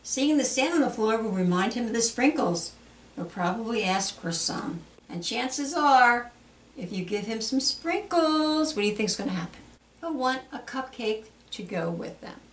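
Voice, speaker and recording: A woman hosting a children's storytime, reading aloud in an animated, sing-song way with playful animal sounds. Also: a little high, normal speed. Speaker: children's librarian. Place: public library. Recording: echoey room, mic at a distance.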